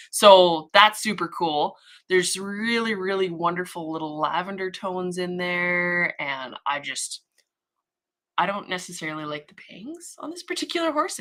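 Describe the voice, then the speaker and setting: A woman's voice: lowish voice, pushed and bright. A woman hosting a casual livestream as an artist, chatty and rambling, humming little filler sounds while she works. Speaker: livestream host, model horse artist.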